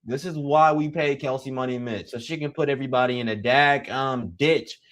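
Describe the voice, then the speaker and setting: Young man, casual live play-by-play, excitable, teasing, slangy, middle pitch. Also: normal speed. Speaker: live sports commentator.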